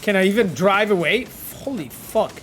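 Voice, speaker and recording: Excitable Polish man streaming a game. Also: high-pitched, normal speed, faint music behind. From Poland. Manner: excitable, swears freely, calls chat his friends. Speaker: game developer streaming a playthrough. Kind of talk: casual streaming commentary.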